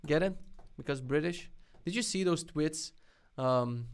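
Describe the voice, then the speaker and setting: A young man hosting a live stream about web development, reacting excitedly to links and swearing often with loud outbursts. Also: mid-range voice, unhurried, few pauses, clear, resonant tone. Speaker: streamer host.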